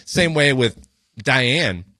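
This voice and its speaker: Bright-voiced man telling a story. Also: mid-range voice, expressive, very slow, dry recording. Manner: loose and profane, with many fillers like "like" and "you know". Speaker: podcast co-host. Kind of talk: casual storytelling.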